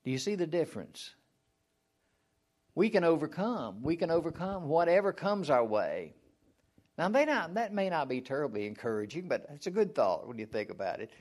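A man preaching in a relaxed, conversational manner. His voice sits a little higher than most men's. He poses questions to his listeners and answers them himself. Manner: acts out mock prayers in a high strained voice. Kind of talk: sermon.

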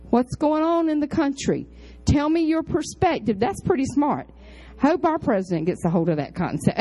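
A woman pastor with a drawl preaches in a chatty storytelling way. Her voice sits a little high, and she leaps into excited highs and drops into low, quiet asides. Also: rough recording. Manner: chatty, animated, jumps between high exclamations and low asides. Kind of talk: storytelling sermon.

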